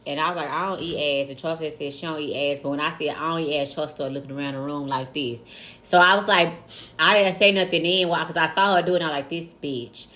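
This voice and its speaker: A woman with a low voice trading quick remarks in a casual podcast chat. She talks fast and teases bluntly. Her tone is loose and unbothered. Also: steady tone, fairly bright tone. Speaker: podcast co-host.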